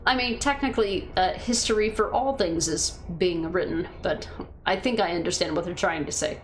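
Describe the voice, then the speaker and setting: A woman's voice: lowish voice, normal speed, a little hiss or hum. A woman streaming a game, chatting casually with her viewers and thinking aloud with fillers and restarts. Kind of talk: casual chat reading viewer comments.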